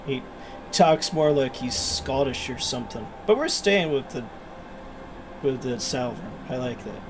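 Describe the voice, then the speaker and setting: A man's voice: mid-range voice, measured pace, noisy background. A man hosting a gaming channel, talking animatedly in casual let's-play commentary and laughing at himself.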